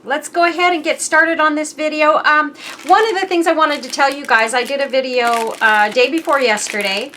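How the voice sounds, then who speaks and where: A middle-aged woman chats through a casual crafting video, her voice bright and a touch high. She rambles with plenty of ums and sounds moved near tears. Light noise sits under the recording. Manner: warm, chatty and rambling, with frequent ums. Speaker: crafting channel host. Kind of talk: casual chatty craft vlog.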